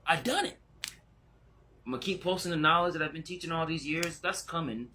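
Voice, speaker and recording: A man talking casually as a spiritual teacher. He gets excited, laughs, and jumps into high exclamations, then slows and goes quiet when he turns reflective. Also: slight background noise. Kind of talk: casual spiritual vlog talk.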